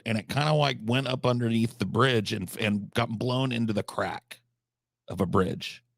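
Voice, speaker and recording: A man hosting a live stream, telling rambling, absurd comic stories with deadpan delivery and profane asides. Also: mid-range voice, vocal fry, no echo, clean studio sound. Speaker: livestream host.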